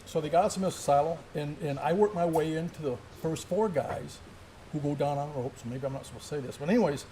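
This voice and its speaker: A man's voice: fairly high pitch, quick pace, warm tone, a little hiss or hum. A middle-aged man, a former Special Forces soldier, telling a war story in casual chat and laughing through his words. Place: gun shop.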